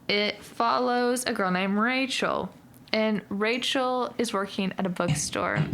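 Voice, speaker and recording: A young woman hosting a casual book club podcast, bubbly and quick to laugh, with lots of "like". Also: mid-range voice, fairly bright tone, slight background noise. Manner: bubbly, laughs often, says "like" a lot.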